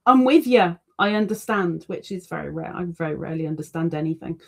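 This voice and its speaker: A woman's voice: lowish voice, animated, fairly quick, gravelly, a little mellow. A woman hosting a casual crafting livestream, reading out viewer comments with chatty, self-deprecating asides. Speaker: crochet livestream host.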